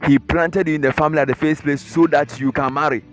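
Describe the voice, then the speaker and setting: Man, ghanaian english accent, preacher, fairly high voice, dramatic sermon, faint music behind. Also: fairly even intonation, fast. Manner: dramatic, acts out inner voices and congregants. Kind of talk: animated sermon. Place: church.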